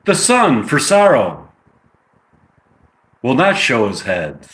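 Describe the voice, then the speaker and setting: A man voicing a solemn prince who closes a tragic tale, reciting slow, grave Shakespearean verse. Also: medium pitch, huge pitch swings, fairly bright tone, full character voice.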